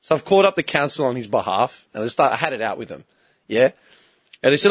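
A man's voice: medium pitch, big pitch swings, quick pace, breathy edge, no room sound. A man with an Australian accent, telling a story in casual chat as co-host, acting out the quoted voices and swearing freely. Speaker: podcast co-host.

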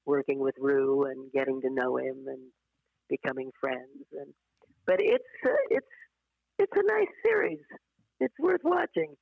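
A woman's voice: low-pitched, no room sound, phone-quality sound. An older woman, an actress guest, chatting in an interview, laughing often and restarting her sentences. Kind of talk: casual interview conversation.

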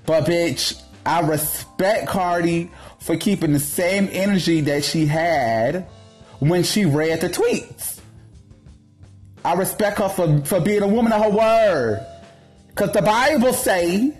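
Man, gossip commentator, brash, profane, sharp-tongued, higher-pitched voice. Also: takes it slowly, faint music behind. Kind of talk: ranting commentary vlog.

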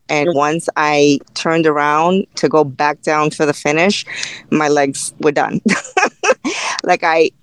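A woman telling a long race story in a podcast interview, animated and full of fillers, acting out what people said to her. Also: deep voice, clean tone, no room sound, low-quality recording. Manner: animated, tells the story through quoted dialogue with many fillers. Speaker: race director and ultrarunner guest.

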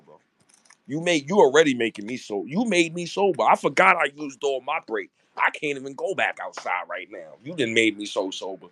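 A man's voice: high-pitched, dry recording. A man hosting an online audio space, talking heatedly and profanely in casual chat. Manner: animated, profane, teasing. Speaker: host of a fan audio space.

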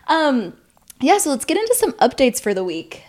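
A woman's voice: high-pitched, big pitch swings, normal speed, a little mellow. A young woman co-hosting a podcast, telling a story casually, swearing freely and acting out what people said. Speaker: podcast co-host.

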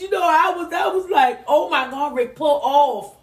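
A woman telling an emotional family story in a lively, animated way, acting out the other people's lines. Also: extremely high pitch, moderate pace, reverberant, a little hiss or hum. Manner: lively, animated retelling with voiced quotes. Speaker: mother telling her story.

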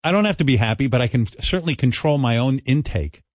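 A man's voice: medium pitch, animated, fast talker, dry recording, clean studio sound. A man hosting a radio talk show, lecturing his co-hosts bluntly and with lots of swearing. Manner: brash, profane, lecturing. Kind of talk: blunt studio banter.

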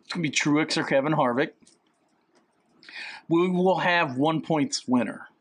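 A man's voice: a little high, unhurried. A man with a Southern US accent co-hosting a podcast, chatting casually with a teasing, jokey manner. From American South. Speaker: podcast co-host. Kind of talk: casual chat.

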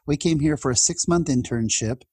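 A middle-aged man from California telling a personal story in conversation, his voice jumping up when excited. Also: fairly high pitch, fairly quick, breathy edge, no echo. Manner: animated, voice jumps up when excited.

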